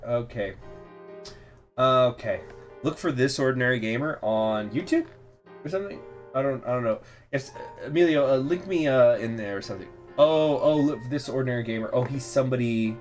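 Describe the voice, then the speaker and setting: A man's voice: mid-range voice, normal speed, soft background music. A man hosting a gaming livestream, chatting casually in a rambling, profane, self-interrupting way as he reads a visual novel.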